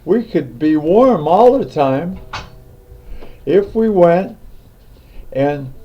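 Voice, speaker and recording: A man's voice: high-pitched, expressive, very slow, slight background noise, full character voice. A man voicing a pure white eagle that is eager to carry out a plan, in a plain storytelling voice, on a dull lo-fi recording. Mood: scheming.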